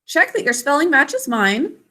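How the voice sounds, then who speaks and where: A woman teaching an online spelling lesson to children over a video call, sounding out words slowly and giving frequent praise. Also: high-pitched, sing-song, pushed and bright. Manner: slow, deliberate enunciation with praise.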